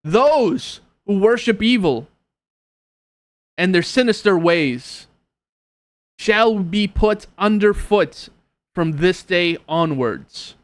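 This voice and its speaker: A man's voice: high-pitched, lively intonation, takes it slowly, pauses often, dry recording, pitched above the performer's own voice. A man voicing a fierce, righteous woman warrior who speaks in grand, old-fashioned proclamations. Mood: proclaiming.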